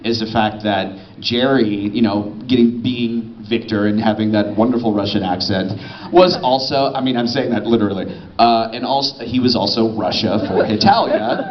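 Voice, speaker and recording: A man's voice: fairly low pitch, fairly even intonation, normal speed, a little hiss or hum. A man who is a voice actor, chatting and laughing playfully with the audience at a convention panel. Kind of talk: casual convention panel talk. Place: large convention panel hall. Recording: echoey hall, muffled, loud crowd.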